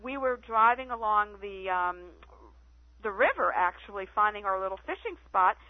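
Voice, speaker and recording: A woman guest telling stories on a phone-in radio interview, chatty and animated. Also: mid-range voice, normal speed, no room sound. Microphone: telephone. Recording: tinny phone line, dry.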